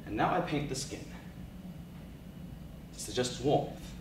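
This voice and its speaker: A man giving a dramatic oral interpretation of poetry, slow and theatrical, dropping to hushed lines and rising to loud cries. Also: medium pitch, animated, noisy background. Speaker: speech and debate competitor. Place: large event hall. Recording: echoey hall recorded from far off.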